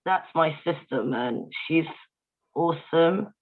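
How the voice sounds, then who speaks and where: A woman's voice: low voice, takes it slowly. A woman giving an emotional, heartfelt tribute speech, addressing her listeners directly. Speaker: guest speaker at a tribute event. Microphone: video call. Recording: tinny video-call audio.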